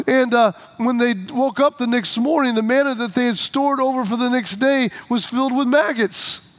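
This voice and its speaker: High-voiced pastor preaching in a chatty way. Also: male voice, moderate pace. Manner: conversational, humorous storytelling. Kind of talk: sermon.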